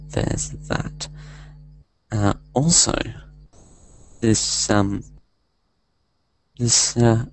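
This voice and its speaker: A man's voice: lowish voice, creaky, darkish tone, no echo, rough recording. A man doing a casual, rambling film review segment for a podcast, hesitant and full of fillers, amused by his own jokes.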